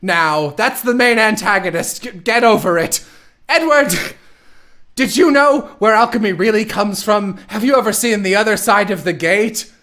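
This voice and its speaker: A man voicing a smug, scheming immortal woman villain in a mocking, shrill, sing-song tone. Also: animated, normal speed, sharp tone.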